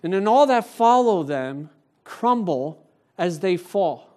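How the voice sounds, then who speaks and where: Animated, high-voiced male pastor preaching. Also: slow pace. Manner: animated, conversational, addresses the congregation directly. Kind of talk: sermon. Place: church.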